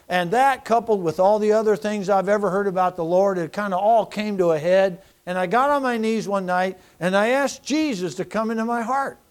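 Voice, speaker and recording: A man's voice: high-pitched, smooth. A middle-aged man, a pastor, preaching a sermon in a folksy, rambling way and telling personal stories.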